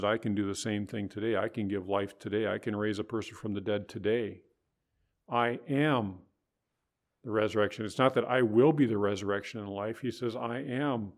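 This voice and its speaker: Man preaching, scripture quotations, dramatic rises in pitch, soft dips. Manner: rises in pitch and volume for quoted voices, drops soft for tender words. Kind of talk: sermon.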